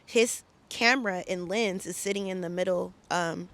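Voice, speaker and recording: A woman's voice: lowish voice, moderate pace, a bit bright. A woman from the Bay Area, a podcast guest, recounting a story in an emphatic, profane, heated way. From San Francisco Bay Area. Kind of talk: casual storytelling interview.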